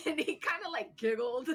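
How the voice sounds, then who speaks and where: A woman's voice: sits high, animated, normal speed, slightly rough. A woman in her thirties co-hosting a podcast, telling a story in casual chat, acting out quotes and laughing as she goes. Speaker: podcast co-host.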